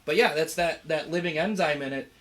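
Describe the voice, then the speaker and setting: A man's voice: on the high side, brisk, a bit bright. A young adult man, a production manager, chatting casually on a livestream in an easygoing way, laughing often and using lots of fillers.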